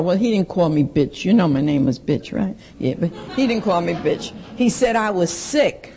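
A woman's voice: on the low side, lively intonation, moderate pace, few pauses, warm tone. A woman, giving a blunt, plain-spoken personal testimony at a recovery meeting and acting out the voices of the people in her story. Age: 60s.

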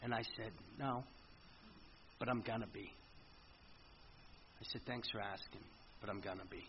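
A middle-aged man speaking earnestly at a recovery meeting, telling his story in a halting way with frequent restarts. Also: fairly low pitch, steady tone, slight background noise. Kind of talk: personal recovery testimony. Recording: muffled lo-fi meeting recording with faint ambience.

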